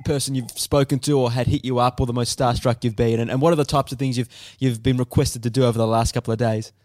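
A man's voice: medium pitch, steady tone, fast talker, darkish tone, no echo. A male radio host leading a football chat show in an upbeat, jokey, casual manner.

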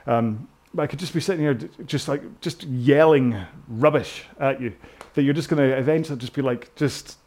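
This rowing instructor from Britain has a medium-pitched, somewhat dark voice and speaks at a normal speed with a British accent. He coaches a row-along workout in loose, casual talk, wandering off on tangents and poking fun at himself.

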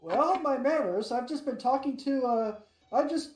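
A woman's voice: sits high, expressive, a little mellow, voice pushed up. Woman playing a stammering, sheltered young man. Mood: earnest. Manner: halting, stammering, overly earnest. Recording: echoey room with faint music.

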